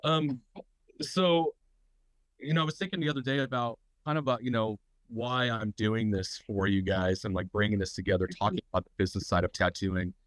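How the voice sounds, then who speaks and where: A man's voice: on the low side, fairly even intonation, fairly quick, no room sound, low-quality recording. A man with a stuffy, congested voice hosting a live business talk for tattoo artists, rambling with lots of fillers and restarts.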